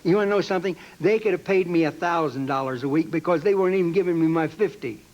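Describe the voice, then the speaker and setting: Older comedian with a high, stammering voice. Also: male voice, quick pace, lo-fi sound, background noise. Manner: rambling, stammering anecdotes. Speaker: talk show guest, comedian. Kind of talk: casual chat.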